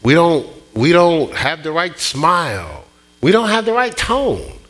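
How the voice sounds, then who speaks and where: A middle-aged man preaching a sermon, telling stories in an animated way with many restarts and repeats. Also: fairly high pitch, a little slow. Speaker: pastor.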